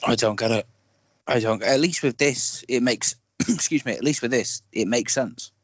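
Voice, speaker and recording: A man on a casual film podcast who rambles, restarts his sentences and pushes his opinions with animation. His voice sits in a middle pitch. The recording is dull and dry. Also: moderate pace, dry recording. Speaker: podcast co-host.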